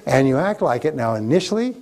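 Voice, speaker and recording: A man's voice: mid-range voice, very animated, brisk, darkish tone. A man giving a live motivational seminar on sales, speaking emphatically, repeating key phrases and getting the audience to chant them back.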